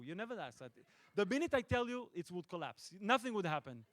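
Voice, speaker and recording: Man, Israeli accent, high voice, dry close sound, playful deadpan, film director Q&A. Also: brisk, few pauses, no echo. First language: Hebrew. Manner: playful, self-interrupting, deadpan jokes. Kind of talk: joking audience Q&A. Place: stage at a film festival event.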